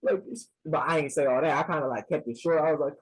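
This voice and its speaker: A young man in college telling a casual storytime tale, slangy and animated, acting out both sides of a phone call. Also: a little high, quick pace, husky. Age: young adult.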